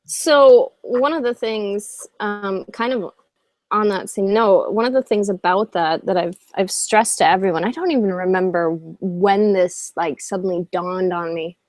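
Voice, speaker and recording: A woman's voice: mid-range voice, unhurried, darkish tone, no room sound. A woman co-hosts a casual podcast with a mid-range voice. She tells stories chattily and laughs often, recorded with a dry, close sound. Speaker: podcast co-host. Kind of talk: casual chat.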